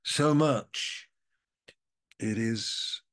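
A man preaching an informal sermon that explains Bible verses, rambling and saying "you know" often, dropping at times from loud to hushed. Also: mid-range voice, extremely slow.

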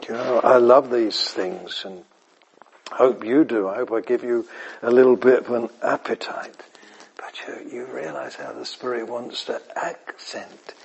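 A man's voice: medium pitch, a little slow, vocal fry, a little hiss or hum. A man preaching an evening sermon. He shifts between emphatic repetition and near-whispers, chuckles, and checks whether his listeners follow him. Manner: animated, repeats phrases, drops to near whispers; chuckles and asks the audience if he makes sense.

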